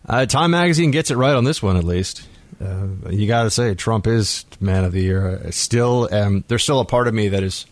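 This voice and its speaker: A man's voice: fairly low pitch, dry recording. A man hosting a talk radio show from a studio, chatting loosely with asides and restarts. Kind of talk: casual talk radio chat. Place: radio studio in New York. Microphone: studio microphone.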